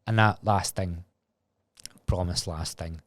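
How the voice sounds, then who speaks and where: A man's voice: deep voice, fairly even intonation, slow pace, a bit bright, no room sound, clean studio sound. A Scottish man in his twenties talking candidly and rambling on a solo podcast, swearing freely. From Scotland. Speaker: podcast host.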